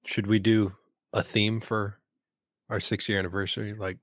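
A man co-hosting a casual podcast chat, upbeat and quick to laugh. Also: fairly low pitch, little pitch movement, no room sound, clean studio sound. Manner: giggly, upbeat. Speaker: podcast co-host.

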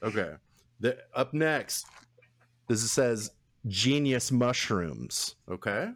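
A man's voice: medium pitch, lively intonation, takes it slowly, fairly bright tone. A young man chatting casually as a podcast co-host, rambling, swearing freely and laughing often. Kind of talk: casual chat.

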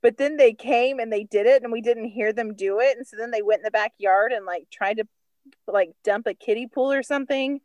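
A young woman co-hosting a podcast, recalling shared memories excitedly among friends. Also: a little high, dry recording. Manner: excitable, quick recollections. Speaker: podcast co-host. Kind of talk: casual chat among friends.

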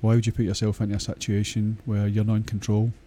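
A man's voice: fairly low pitch, monotone, fast, mellow, a little hiss or hum. A Scottish man talking in a casual, rambling monologue, blunt and crude, swearing often and hesitating with many fillers.

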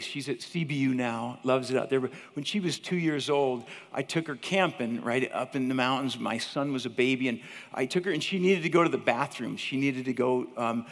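A man in his fifties, a teacher giving a chapel talk, who tells stories in an animated, chatty way and keeps calling the listeners "you guys". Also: medium pitch. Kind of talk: storytelling sermon. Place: large hall with an audience. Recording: long hall reverb.

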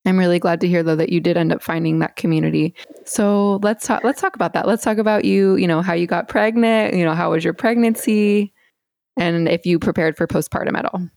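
A woman's voice: lowish voice, steady tone, fairly quick, vocal fry, darkish tone, dry recording. A woman hosting a podcast, talking earnestly and casually with lots of "like" and "you know" fillers. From United States. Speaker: podcast host.

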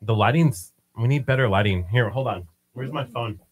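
A man's voice: mid-range voice, moderate pace, slight background noise. A man co-hosting a morning show, telling stories in a self-mocking way and acting out what people said. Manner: storytelling, acts out quotes, self-mocking. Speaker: radio show co-host. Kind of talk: casual chat on a live-streamed morning show.

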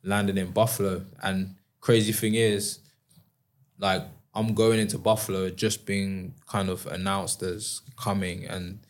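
A man talking casually as an interview guest, relaxed and rambling with lots of fillers. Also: low-pitched, a little slow. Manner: relaxed, rambling, many fillers, laughs often. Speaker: guest, professional athlete.

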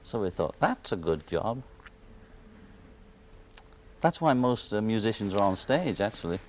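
A man's voice: lowish voice, big pitch swings, measured pace, a little hiss or hum. A man from Liverpool with a Liverpool accent, a guest on a television talk show, chatting in a wry, joking way and laughing often. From Liverpool, England. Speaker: guest musician. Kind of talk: casual talk show chat. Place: television studio set.

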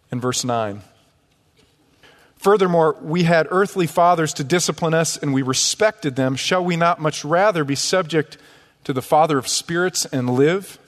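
Lively male pastor in a reverberant church. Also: on the high side. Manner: lively, conversational preaching with humor. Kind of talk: sermon. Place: church sanctuary.

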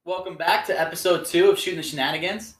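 Fast, bright-voiced excitable man. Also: fairly high pitch, reverberant. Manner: excitable, animated storyteller. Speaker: podcast host. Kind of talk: casual comedy chat.

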